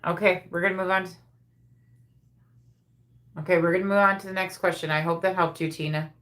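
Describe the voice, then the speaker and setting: A woman's voice: on the low side, level tone, fairly quick, fairly bright tone. A woman hosting a live psychic reading stream, relaying messages and repeating phrases as they come through.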